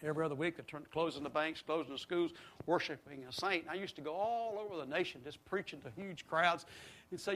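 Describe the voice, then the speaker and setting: A man's voice: on the high side, fast, a bit bright. A middle-aged man preaching a sermon, leading the congregation in call-and-response. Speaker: pastor.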